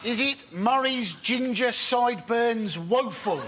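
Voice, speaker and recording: A man's voice: extremely high pitch, slow pace, heavy background noise. A man on a comedy panel making chatty, mocking asides. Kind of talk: panel show stand-up banter.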